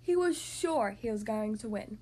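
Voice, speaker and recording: A woman hosting a children's podcast, reading a storybook aloud in an expressive, animated way. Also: a little high, unhurried. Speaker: podcast host and story reader.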